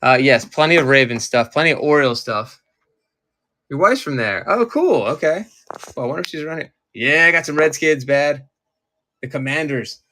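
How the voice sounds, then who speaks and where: A man from Maryland runs a casual live-stream auction of collectibles, chatting with viewers as he sorts through his stock. His voice sits at an average pitch, and he talks in a loose, distracted way, often stopping to look for things. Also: moderate pace, sharp tone, a little hiss or hum.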